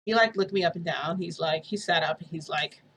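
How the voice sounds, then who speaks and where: A woman's voice: on the low side, a little fast, a bit bright, husky, low-quality recording. A woman vlogger telling a personal story in a casual, rambling way, filling her sentences with "like". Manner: rambling, heavy use of "like" fillers.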